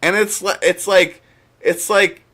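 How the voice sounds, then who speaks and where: A man's voice: sits high, fairly even intonation, a little slow, sharp tone. A young man streaming live, ranting at a chatter in a sarcastic, heated way. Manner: sarcastic, heated, mock-pleading. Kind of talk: live-stream rant to chat.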